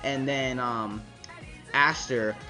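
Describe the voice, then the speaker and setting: A man's voice: medium pitch, steady tone, very slow, sharp tone, soft background music. A man casually recapping a comic chapter, rambling with many fillers and restarts. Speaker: manga reviewer.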